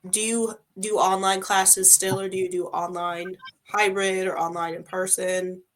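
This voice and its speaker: A young woman hosting a casual interview, chatty and animated, with lots of filler words. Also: medium pitch, measured pace, slight background noise. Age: young adult. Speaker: podcast host interviewing a student.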